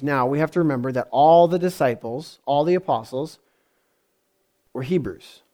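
A man's voice: fairly high pitch, darkish tone. A man preaching a sermon in a conversational way, often asking his congregation questions. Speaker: pastor.

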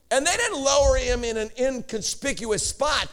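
A man preaching a sermon as a pastor, telling stories with rising energy and bursts of shouting. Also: very high-pitched, a little fast, hardly any pauses. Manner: animated storytelling, building to shouts.

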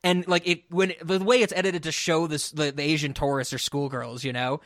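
This man co-hosts a relaxed film podcast. He has a slightly high voice and a rambling, giggly way of talking, and he acts out the lines he quotes. The sound is dry, with no room echo. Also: brisk. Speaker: podcast co-host. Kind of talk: casual film discussion.

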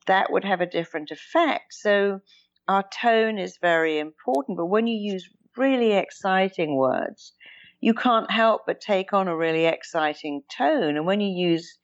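A woman therapist with a deep voice explains her ideas with emphasis. She acts out sample phrases in shifting tones to make her point. The recording sounds dull and lo-fi. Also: animated, moderate pace. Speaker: therapist guest. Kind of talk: interview explanation.

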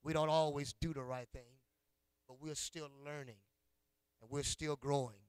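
A man preaches a sermon, his fairly high voice leaping from booming shouts down to near-whispers. He leads the congregation in call-and-response with a folksy, teasing warmth. The sound is close and dry. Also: fairly even intonation, moderate pace, clear, resonant tone, dry recording. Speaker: pastor. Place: church sanctuary.

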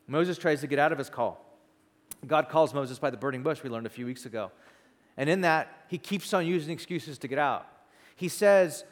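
A man preaching a sermon in a conversational, animated storytelling manner. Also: on the high side, moderate pace. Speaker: pastor. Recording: long reverb in a hall.

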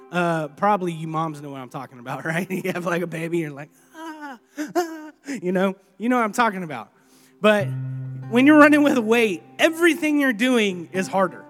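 A man, a young adult pastor, preaching a sermon in a lively, animated way, sometimes acting out strained, breathless voices. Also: high voice.

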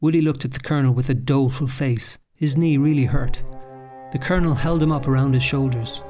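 A man's voice: mid-range voice, fairly even intonation, a little fast, darkish tone, faint music behind. Man narrating a children's storybook.

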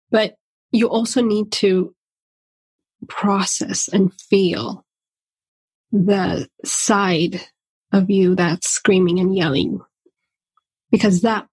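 A woman giving a gentle, searching personal monologue, pausing often with fillers as she talks through hard feelings. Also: medium pitch, slightly rough, no room sound. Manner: slow, gentle and searching, with many pauses and fillers.

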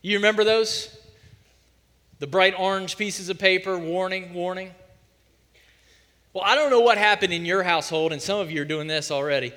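A man's voice: sits high, a little fast. A man preaching a sermon as pastor of his church, telling stories and driving home points with strong emphasis. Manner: animated storytelling preacher, emphatic. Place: church sanctuary. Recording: church hall reverb.

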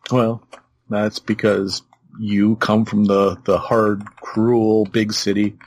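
A man co-hosting a podcast, chatting about a tabletop wargame with wry, deadpan humor. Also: lowish voice, slow pace. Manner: wry, joking, deadpan teasing. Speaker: podcast co-host.

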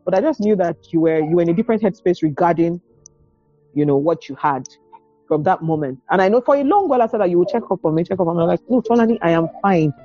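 A woman's voice: on the low side, animated, quick pace, dark tone, no echo, dull audio, faint music behind. A woman guest on a podcast, chatting candidly and telling a story, often acting out old dialogue and laughing. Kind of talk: candid conversation.

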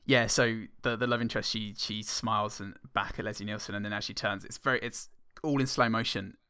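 A man's voice: on the low side, fairly even intonation, brisk, bright, forceful tone, clean tone, dry recording, clean studio sound. A man co-hosting a podcast, rambling casually about film scenes and laughing at his own jokes. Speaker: podcast co-host. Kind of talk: casual film-review banter.

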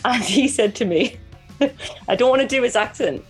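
A woman's voice: on the high side, animated, normal speed, husky, faint music behind. A woman co-hosting a nature podcast, rambling and giggly in casual chat. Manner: rambling, giggly, lots of fillers. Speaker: podcast co-host.

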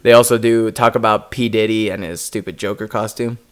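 A man chatting casually while watching a fight, telling stories animatedly and mimicking people in high voices, swearing freely. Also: fairly even intonation, fairly quick, smooth. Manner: swears freely, laughs often. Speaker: podcast co-host.

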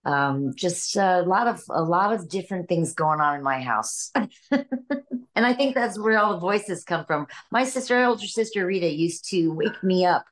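A woman's voice: on the low side, expressive, moderate pace. An older woman from Illinois, a voice actress guest, chatting in an interview, laughing often between stories. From Illinois, USA. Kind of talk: casual interview storytelling.

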